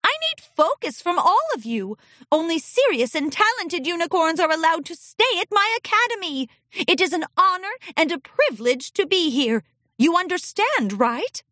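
A woman's voice: extremely high pitch, very animated, moderate pace, pushed and bright, no echo, studio quality, voice pushed up, exaggerated voice. A woman voicing a strict, stern female unicorn headmistress in a storybook reading, speaking in a clipped, tight-jawed manner.

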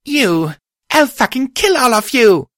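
Furious young unicorn hero, hoarse yells, voiced by a man. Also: extremely high pitch, very animated, a little slow, dry recording, studio quality, voice pushed up, full character voice. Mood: furious, anguished. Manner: hoarse straining shouts.

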